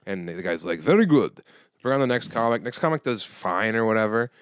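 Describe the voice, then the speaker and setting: A man's voice: a little fast, smooth, no echo, studio quality. A man in his thirties, a stand-up comedian guest on a podcast, telling stories and acting out the people he quotes in shifting voices. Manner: animated storyteller, acts out the people he quotes in high or low voices. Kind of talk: casual podcast chat, storytelling.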